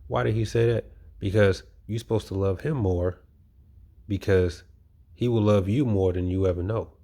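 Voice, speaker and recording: A man with a very low voice preaches in a loose, conversational way. He leans on his points with emphasis and says many of them twice. He often checks in with "you know" as he goes. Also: steady tone, moderate pace, dark tone. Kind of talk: informal sermon.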